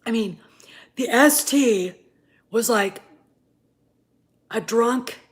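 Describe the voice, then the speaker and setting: A woman in her fifties ranting in a casual vlog. She swears a lot and swings from low muttering to loud, heated outbursts, with wine in hand. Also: drawn-out words. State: drinking wine. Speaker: vlogger.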